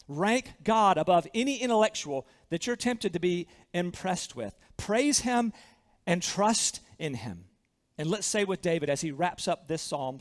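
A man's voice: high-pitched, big-room sound. A man with a Southern accent preaching a sermon as pastor, earnest and emphatic, often repeating his phrases.

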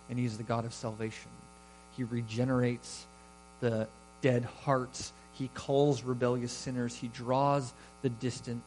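A man's voice: mid-range voice, darkish tone, slight background noise, poor audio. A man preaching a sermon, building emphasis and rising in volume on key words. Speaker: pastor.

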